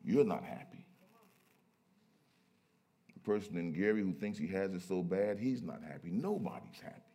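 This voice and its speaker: A man preaching a sermon, who moves from low, quiet stretches to loud, emphatic peaks. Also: expressive, moderate pace.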